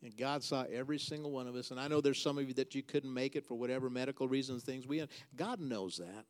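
A man preaching a sermon as pastor. He builds to loud, emphatic, repeated refrains and then drops to a soft, quiet voice for prayer. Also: fast. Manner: preaching with dramatic swings in pitch and volume.

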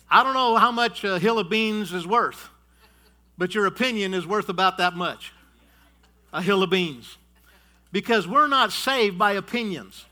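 A man preaching a sermon in a high, bright voice. He hammers home his points through repetition and keeps calling the congregation folks. His voice swells loud on declarations and drops low for asides. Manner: emphatic, repeats key phrases, addresses the congregation as folks.

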